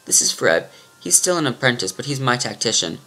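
A man's voice: mid-range voice, very animated, fairly quick, pushed and bright, exaggerated voice. A man voicing a firm young swordswoman who leads a small band, speaking steadily and carefully. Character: spirited young swordswoman leader, calm and firm.

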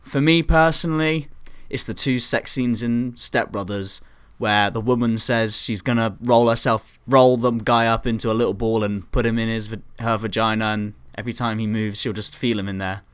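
A man's voice: fairly low pitch, steady tone, moderate pace, few pauses, clean tone. A young man hosting a podcast, chatting casually in a laid-back way. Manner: laid-back, lots of "like" and restarts. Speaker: podcast host. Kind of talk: casual chat.

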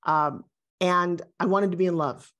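A woman in her sixties, a guest, talking in an emphatic, animated and self-assured way in a motivational interview. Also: fairly low pitch, measured pace, lo-fi sound. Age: 60s.

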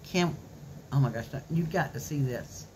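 A craft vlogger chats in a gushing, folksy way while showing off supplies in a casual haul video. Her voice is extremely low and mellow, her pace measured, and faint crinkling of plastic packaging adds slight background noise.

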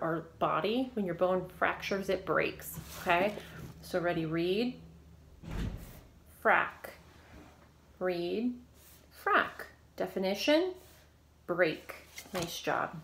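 A woman teaching a phonics reading lesson to children, prompting and praising in a slow, clear, encouraging way. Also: on the low side, fairly bright tone, slight background noise.

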